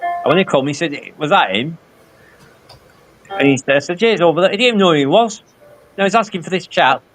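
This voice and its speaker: This is a man in his fifties chatting casually on a live stream, with a slightly higher pitch. He rambles through anecdotes and acts out everyone's lines as he goes. Faint music plays under his voice. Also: expressive, a little fast, fairly bright tone. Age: 50s. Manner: rambling anecdotes with quoted dialogue. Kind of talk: casual chat.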